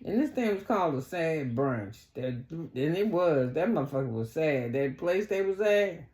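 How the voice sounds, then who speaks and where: A woman's voice: lively intonation, moderate pace, warm tone. Blunt, profane woman recapping in an echoey room. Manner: blunt, profane, talks back to the cast; acts out quotes in a much higher voice. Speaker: reality show recap vlogger. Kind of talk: casual recap storytelling.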